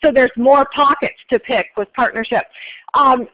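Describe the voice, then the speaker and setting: High-voiced woman lecturing a class. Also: steady tone, dry recording, highs cut off. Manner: brisk, polls students and repeats answers. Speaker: accounting instructor.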